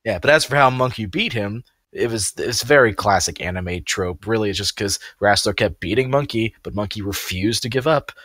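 A low-pitched man chatting loosely on a podcast, full of fillers and quick laughs. His voice sits close and dry, with no room around it. He talks like he is riffing with friends. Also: fairly bright tone, dry recording. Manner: rambling, laughs often, many fillers. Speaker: podcast co-host. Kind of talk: casual chat.

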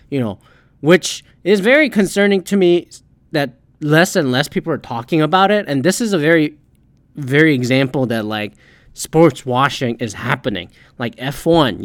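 A man's voice: mid-range voice, no room sound. A man hosting a podcast, ranting heatedly in casual solo commentary and swearing often. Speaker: podcast host.

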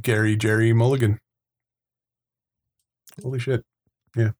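A man's voice: medium pitch, level tone, a little slow, a little mellow. A man co-hosting a podcast, chiming in on a friend's story with dry, teasing asides in casual chat. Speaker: podcast co-host.

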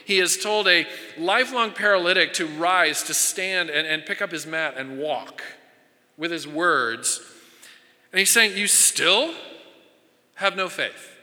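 A man's voice: a little high, a little slow, bright, forceful tone. A man preaching a sermon as pastor, speaking earnestly, often repeating and restarting his words. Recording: long reverb of a hall.

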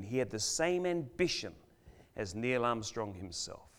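An older man, a guest preacher, tells a story in his church sermon with a medium-pitched voice and lively intonation. He uses dramatic pauses, grows loud on questions, and nearly whispers the lines that matter most.

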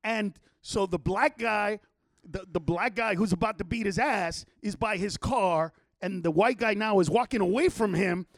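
A man's voice: sits high, moderate pace, dry recording, studio quality. A man telling a long, profane story in casual chat, acting out the quotes.

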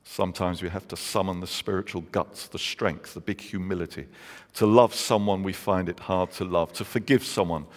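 A man, preaching a sermon and telling stories, slowing down for emphasis. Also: low voice, fairly even intonation. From England. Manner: earnest storytelling, slows down for emphasis. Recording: long reverb of a large hall.

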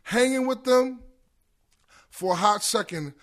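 A man's voice: very high-pitched, a little slow. A middle-aged man from Brooklyn with a New York accent, telling a long profane story in casual chat and acting out his friends' lines. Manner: animated, profane, acts out quoted friends. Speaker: podcast guest.

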